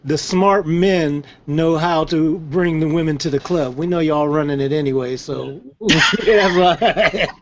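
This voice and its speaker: Easygoing higher-voiced man hosting. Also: unhurried, hardly any pauses, dull audio. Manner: laid-back and laughs often. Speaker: host. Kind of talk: casual chat.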